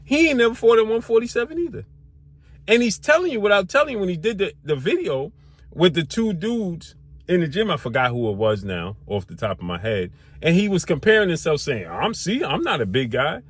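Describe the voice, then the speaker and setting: A man's voice: sits high, sing-song, fairly quick. A man hosting a sports channel, firing off rhetorical questions in a heated, slangy boxing commentary rant. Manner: slangy casual speech.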